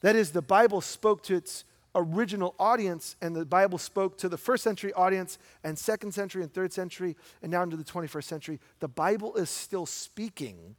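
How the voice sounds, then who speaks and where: Pastor preaching, chatty, lots of questions, slows down to hit points, reverby church sound. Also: male voice, high-pitched. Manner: conversational, rhetorical questions, slows for emphasis. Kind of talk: sermon. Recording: long hall reverb.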